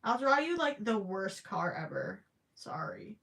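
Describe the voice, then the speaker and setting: Slow-talking young woman streamer chatting. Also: mid-range voice, big pitch swings, gravelly, a bit bright. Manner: chatty, self-deprecating, reads viewer questions aloud. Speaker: livestream host. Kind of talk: casual livestream chat while crocheting.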